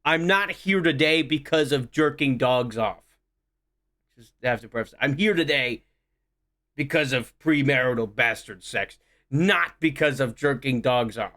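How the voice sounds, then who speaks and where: A man's voice: medium pitch, a little slow, pushed and bright. A man streaming a video game and commenting casually, full of crude jokes and self-mocking banter. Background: game music and gunfire.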